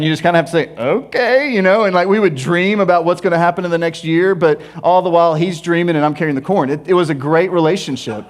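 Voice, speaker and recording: High-voiced man preaching with playful humor. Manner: animated, humorous storytelling with playful asides. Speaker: pastor. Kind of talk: sermon.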